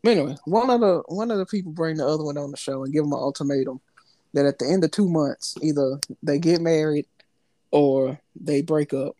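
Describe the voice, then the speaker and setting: A man's voice: on the high side, a little fast, dark tone, slight background noise. A man co-hosting a podcast, talking loosely in slang and laughing often as he tells stories. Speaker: podcast co-host. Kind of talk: casual chat.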